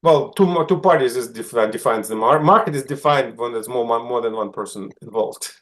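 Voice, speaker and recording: A man's voice: mid-range voice, fairly quick, fairly bright tone. A middle-aged man teaching an online class, asking the students questions and often checking in with "right?". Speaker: instructor.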